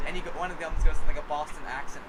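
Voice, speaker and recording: A man's voice: a little high, steady tone, racing, noisy background. A young man co-hosting a casual podcast chat, rambling with lots of restarts. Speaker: podcast co-host.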